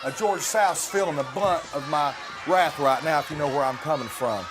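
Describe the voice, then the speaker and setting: A young man with a notably high voice, cutting a brash, cocky wrestling promo. He brags loudly and trash-talks his rivals in a showy way. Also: moderate pace, crowd noise.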